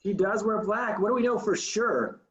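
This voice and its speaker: A man's voice: sits high, normal speed, lo-fi sound. A man teaching an acting class, coaching students and demonstrating lines aloud. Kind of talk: online acting class instruction.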